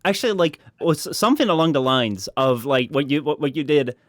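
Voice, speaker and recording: A man chatting casually as a podcast guest, rambling with many fillers and restarts and slipping into high mock voices. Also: animated, fairly quick, fairly bright tone, no echo.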